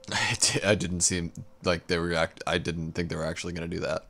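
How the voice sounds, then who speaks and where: A young man giving casual reaction commentary while watching a movie, relaxed and exclaiming. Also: low voice, gravelly.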